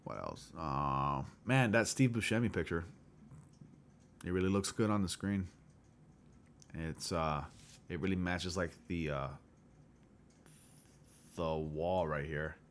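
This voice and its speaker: A livestream host with a low-pitched voice chats casually, rambling with many filler words and chuckling often. He talks slowly and pauses a lot, and the audio carries a little hiss or hum.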